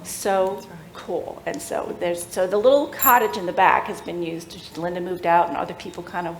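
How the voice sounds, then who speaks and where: A woman's voice: lowish voice, moderate pace, slight background noise. Middle-aged woman telling a church story, echoey. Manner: animated, laughs while telling, acts out quoted voices. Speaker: workshop speaker. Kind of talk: personal testimony storytelling. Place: church room. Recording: echoey room with faint ambience.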